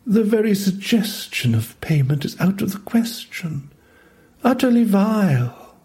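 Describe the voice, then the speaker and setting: A man's voice: high-pitched, big pitch swings, measured pace, darkish tone, husky, pitched above the performer's own voice, heavily acted. A man voicing a smug, sly snake who speaks in a prim, mock-polite way. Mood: mock offended.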